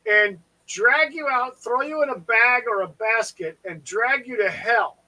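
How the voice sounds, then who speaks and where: A man in his fifties chatting casually as a podcast co-host, blunt and swearing, with quick agreeing remarks. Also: extremely high pitch, sharp tone, low-quality recording. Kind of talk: casual chat.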